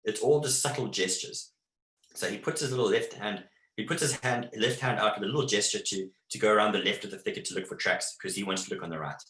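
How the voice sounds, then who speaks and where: A man's voice: fairly low pitch, quick pace, fairly bright tone. A man, a wildlife photographer, tells a vivid anecdote in a webinar talk, with many fillers and restarts. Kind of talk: storytelling presentation. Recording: echoey room.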